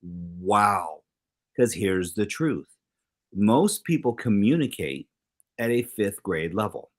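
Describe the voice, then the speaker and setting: A middle-aged man co-hosting a casual talk show, telling stories and acting out the quoted lines. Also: unhurried. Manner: animated storyteller, acts out quoted exchanges with big pitch jumps. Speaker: co-host.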